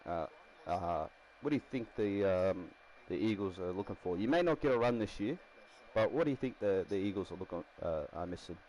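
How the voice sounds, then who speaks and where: A man's voice: low voice, expressive, brisk, few pauses, a little mellow, rough recording. A man casually commenting while building a rugby team in a game, rambling and laughing often. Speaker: gaming streamer.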